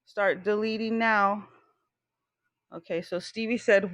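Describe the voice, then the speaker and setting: A woman's voice: mid-range voice, steady tone, takes it slowly, pauses often, bright, forceful tone, no room sound, rough recording. A woman chatting casually on a live stream, rambling with many fillers and restarts, outdoors near traffic.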